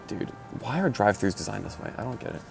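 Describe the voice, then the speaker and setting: A man's voice: on the low side, very animated, fast, creaky, over music. A man hosting a casual solo podcast from his car, rambling and mumbling, with frequent swearing. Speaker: podcast host. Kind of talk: casual solo chat while driving.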